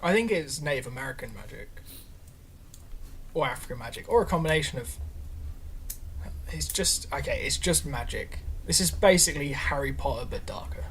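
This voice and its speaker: Chatty podcast co-host, mid pitch. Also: lively intonation, moderate pace, pauses often, a little hiss or hum. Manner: chatty, rambling, many "like" fillers. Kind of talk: casual chat.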